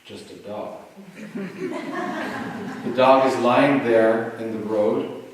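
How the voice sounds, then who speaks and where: A man giving a dharma talk, telling a teaching story in a relaxed way with many "you know"s and "like"s, recorded in a retreat hall. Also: medium pitch, a little slow, background noise. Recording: echoey hall, mic at a distance, faint ambience.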